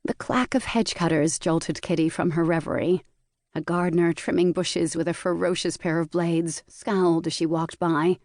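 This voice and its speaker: A woman narrating a historical mystery audiobook in a measured storytelling manner, recorded in a booth. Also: lowish voice, steady tone, a little mellow, no room sound, studio quality. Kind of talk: scripted narration.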